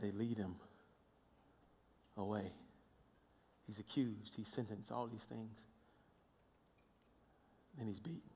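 A man preaching a sermon, swinging between hushed, near-whispered passages and loud, impassioned shouting, often repeating words as he builds. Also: medium pitch, gravelly. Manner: repeats words and restarts phrases in bursts.

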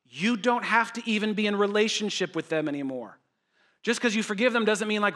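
A man's voice: high-pitched, animated, normal speed, pushed and bright. A man preaching a sermon as pastor, emphatic and conversational, repeating phrases for effect and joking with his listeners.

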